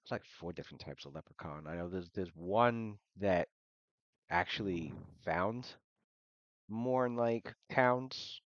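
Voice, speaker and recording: A man running a tabletop game on a live stream rambles through his narration with frequent fillers. His voice is low, and the dry, dull recording sounds like a basic home mic. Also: measured pace, no echo. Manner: rambling, filler-heavy, laughing. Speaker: game master.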